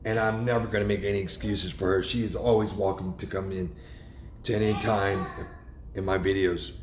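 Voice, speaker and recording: A man's voice: low-pitched, level tone, normal speed, reverberant, a little hiss or hum. A man casually telling a story in a rambling, emphatic way, often restarting his sentences. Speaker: realtor vlogger.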